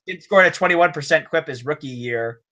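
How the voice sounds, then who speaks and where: A man's voice: a little high, quick pace, bright, forceful tone. A man co-hosting a casual hockey podcast, bantering with laughs and quoting stats. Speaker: podcast co-host.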